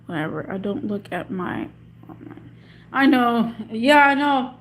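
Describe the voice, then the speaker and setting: A woman's voice: on the high side, animated, a little slow, a little hiss or hum. A woman chatting casually with viewers on a livestream, emotional and slangy, rambling with lots of restarts. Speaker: livestream host.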